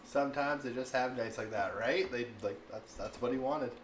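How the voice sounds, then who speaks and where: A man in his thirties tells stories and chats casually while cooking at home, rambling and breaking into laughter. He speaks at a middling pitch, and his voice bounces around an echoey room. A faint hum sits behind him. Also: moderate pace. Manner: rambling, animated, laughs often, says "like" a lot. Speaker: cooking streamer. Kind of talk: casual chat and storytelling.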